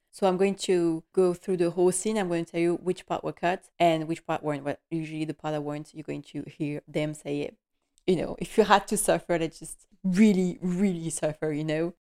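Woman giving an emotional, animated recap. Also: lowish voice, smooth. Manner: animated and emotional, with nervous laughter. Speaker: podcast host. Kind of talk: casual episode recap.

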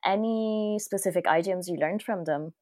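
A woman hosting a casual interview, asking relaxed questions and laughing along with her guest. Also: medium pitch, moderate pace.

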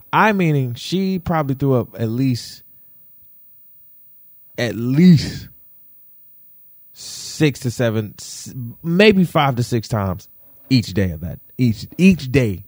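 A man's voice: mid-range voice, animated, slow pace, long pauses, a little mellow, no room sound, clean studio sound. A young man telling viewers an emotional personal story, repeating himself and restarting sentences. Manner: repetitive, restarting, addresses viewers as y'all. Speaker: vlogger.

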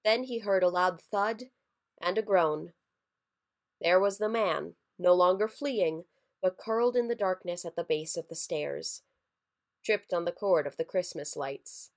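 A woman narrating a scripted horror story in a measured, somber way. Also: lowish voice. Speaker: story reader.

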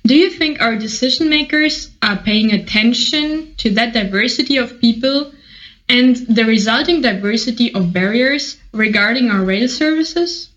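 A woman's voice: on the high side, normal speed, a bit bright, highs cut off. A woman hosting a podcast, formally reading introductions and questions to her guest. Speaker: podcast host. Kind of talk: interview hosting.

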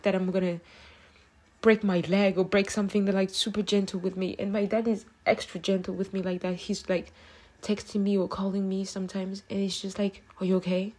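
Young woman vlogger, tearful and soft, halting confessional delivery with fillers, mid-pitched voice, close camera mic. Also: breathy edge. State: tearful after crying. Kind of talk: late-night confessional talk to camera.

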